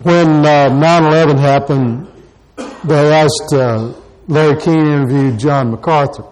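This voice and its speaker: A man's voice: on the high side, fairly even intonation, measured pace, darkish tone, rough recording. A pastor preaching a sermon to his congregation, pressing the same questions again and again. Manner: repeats rhetorical questions to the congregation.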